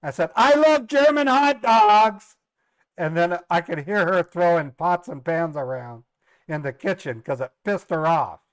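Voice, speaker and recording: A man's voice: on the high side, moderate pace, dry recording. Rambling man telling family stories. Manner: rambling, repeats words, laughs at own jokes. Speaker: live streamer and scambaiter. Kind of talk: casual storytelling on a livestream.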